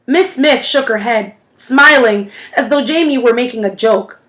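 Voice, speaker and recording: A woman narrating a novel in the first person, with an expressive storytelling manner. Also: on the high side, a little slow, few pauses. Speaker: audiobook reader.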